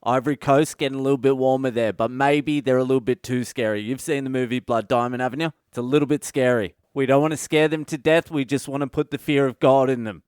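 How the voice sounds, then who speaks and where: Comic, sweary sardonic monologue, smooth voice, dry close mic. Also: male voice, mid-range voice, fairly even intonation, fast talker, few pauses, a little mellow, no room sound. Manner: profane, ranting, sardonic. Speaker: comedian podcast host. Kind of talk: solo comedic monologue.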